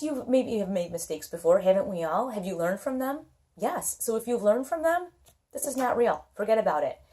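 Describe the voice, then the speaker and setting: A woman's voice: medium pitch, warm tone. A woman doing a casual tarot reading, chatty and reassuring, often checking in with "okay?". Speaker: tarot reader.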